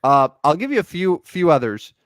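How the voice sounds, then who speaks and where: A man with a fairly high-pitched voice co-hosts a casual sports podcast, rambling and joking about baseball and reading the show plugs before an animated sign-off. He speaks at a moderate pace, and the recording is dry.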